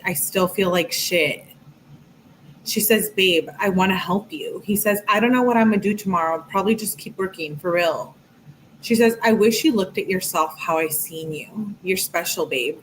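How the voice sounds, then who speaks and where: A woman with a somewhat low voice reads text messages out loud, one after another. Between them she muses on what she has read in a loose, chatty way, full of "like" and "um". A faint background hum sits under her voice. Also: poor audio. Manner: chatty, reflective, many fillers like "like" and "um". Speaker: true crime commentator. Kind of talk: reading text messages aloud with casual commentary.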